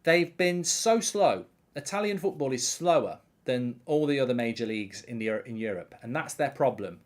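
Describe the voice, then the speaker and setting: A man hosting a live football watchalong, chatting casually and reading out viewer comments. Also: mid-range voice. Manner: animated, reading viewer comments, frequent fillers. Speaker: host.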